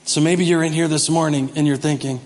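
A man's voice: fairly high pitch, steady tone, a little fast, a little mellow. A male pastor preaching an impassioned sermon in a large church hall, acting out the voices he quotes. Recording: long hall reverb, music behind.

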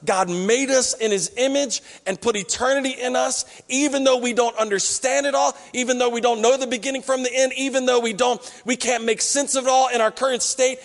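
A man's voice: very high-pitched, steady tone, a little fast, hardly any pauses. A male pastor preaching a sermon in a church hall, talking conversationally and acting out what people say. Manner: conversational preaching, acts out quoted voices.

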